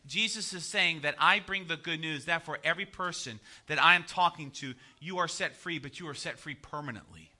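High bright guy preaching a sermon, jokey, keeps saying right? to the crowd. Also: brisk, hardly any pauses, a little hiss or hum. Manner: joking, conversational preaching with rhetorical "right?" asides. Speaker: pastor.

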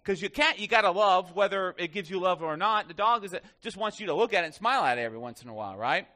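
A man's voice: sits high, lively intonation, fast talker, pushed and bright. A male pastor giving a conversational sermon in church, joking with the congregation.

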